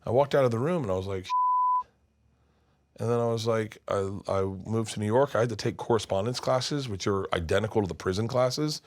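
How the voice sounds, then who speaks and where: A man in his fifties tells a long story as a guest in an interview. His voice sits a little low, and he animates it by acting out the other people's lines. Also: brisk. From United States. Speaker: comedian guest.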